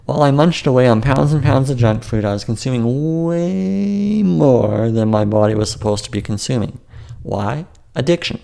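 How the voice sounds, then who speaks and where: A man's voice: mid-range voice, normal speed, creaky, mellow. A man narrating his own memoir as an audiobook, casual and joking, with wry asides.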